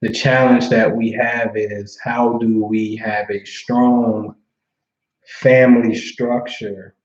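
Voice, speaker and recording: A man's voice: lowish voice, level tone, slow pace, muffled recording. Laid-back slangy man on a roomy stream. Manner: laid-back slangy talk, frequent "you know what I'm saying". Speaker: astrology livestream host. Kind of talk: casual livestream chat reading viewer comments.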